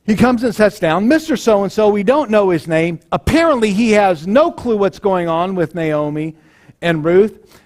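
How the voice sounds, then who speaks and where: A man's voice: sits high, animated, a little slow, a little mellow. A male pastor giving a sermon in a conversational way, acting out the people in the story.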